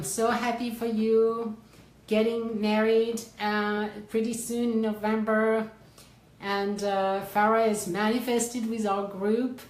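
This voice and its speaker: Speaking from her office, a woman from France runs a casual life coaching livestream, warmly and effusively welcoming viewers by name in her French accent. Her voice sits a little high, and the poor-quality audio is reverberant.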